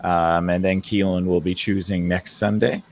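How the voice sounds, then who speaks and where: A man hosting a casual movie and TV podcast, talking in a relaxed, rambling way with lots of fillers. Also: low voice, moderate pace. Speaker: podcast host.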